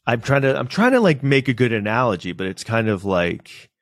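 Animated swearing man chatting. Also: medium pitch, a little fast, no room sound, clean studio sound. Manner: animated, swears, mimics people in quoted voices. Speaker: podcast co-host. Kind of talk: casual chat.

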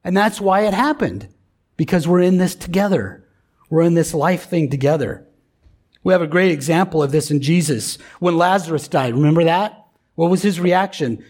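A man's voice: fairly high pitch, expressive, normal speed, darkish tone. A middle-aged man preaching a sermon in a conversational, emphatic way, often checking in with the congregation. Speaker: pastor.

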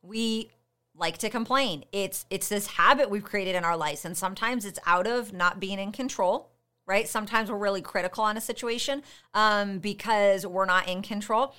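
A woman's voice: medium pitch, normal speed, bright, forceful tone, clean tone. A woman hosting a motivational podcast, talking straight to the listener in a direct, conversational way and asking rhetorical questions. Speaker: podcast host and coach.

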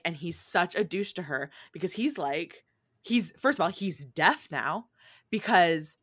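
A woman on a podcast retells a story in lively, casual chat. Her voice is bright and swings widely in pitch. She laughs often and fills her talk with "like" and "um.". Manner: animated, laughing storyteller with lots of fillers.

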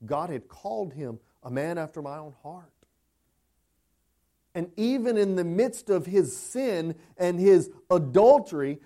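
A man preaching to his church in a high, light voice. He takes his time, drawing out each phrase. He drops to near hushed tones, then climbs back up with passion. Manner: preaching with sweeping swings from hushed to impassioned. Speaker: pastor. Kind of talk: sermon.

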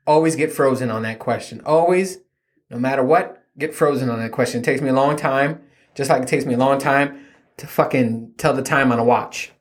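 A man in his thirties with a mid-range voice talks fairly quickly as a podcast host. He tells rambling, self-mocking stories about his kids, casual, profane, and full of jokes.

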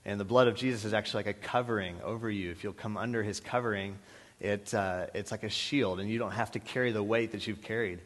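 A man's voice: on the low side, fairly even intonation, fast. A man giving an earnest testimony sermon to a church gathering, with hesitant fillers between thoughts. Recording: reverberant hall.

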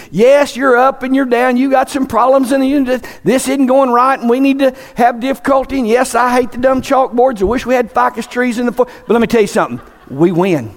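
Man preaching, high voice, emphatic, long echo of a church hall. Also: a little fast, few pauses. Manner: preaching, emphatic, rising to near-shouts. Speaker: pastor. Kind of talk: sermon. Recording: echoey hall.

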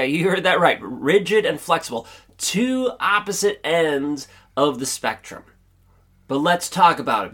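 A man's voice: on the high side, a bit bright. A man hosting his own podcast and giving an upbeat, earnest, chatty pep talk. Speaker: podcast host. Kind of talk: motivational solo podcast monologue.

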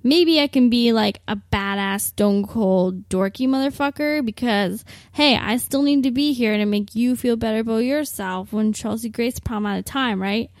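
A woman's voice: a little high, moderate pace, hardly any pauses, no echo, studio quality. A woman in her twenties hosting a solo podcast, rambling through a self-mocking comic fantasy with lots of "like". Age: 20s. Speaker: podcast host. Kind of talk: comedic solo storytelling.

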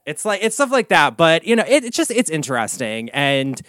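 An animated man chatting on his podcast, his voice leaping high and low. He gossips and swears freely, recorded close in a dry room. The pitch sits a little high for a man. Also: normal speed, no room sound. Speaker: podcast host, comic and drag performer. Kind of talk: casual podcast chat.

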